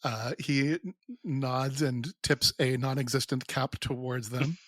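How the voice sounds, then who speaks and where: A man describing his character as a player in a tabletop game, relaxed, with many ums and uhs. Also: mid-range voice, measured pace, no room sound, low-quality recording.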